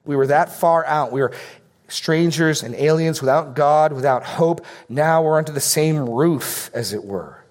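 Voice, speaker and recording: A man's voice: fairly high pitch, unhurried. A middle-aged man preaching a sermon as pastor, teaching earnestly through outline points and Bible verses.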